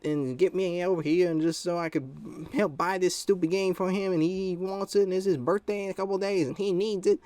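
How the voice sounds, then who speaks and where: A man voicing an angry, indignant mother who complains loudly and accuses. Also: high-pitched, steady tone, fairly quick, hardly any pauses, dry recording, pitched above the performer's own voice, natural voice.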